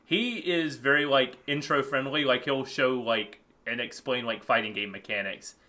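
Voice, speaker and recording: A man co-hosting a casual gaming podcast, talking in an animated way with quick restarts and acted-out quotes. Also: mid-range voice. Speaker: podcast co-host.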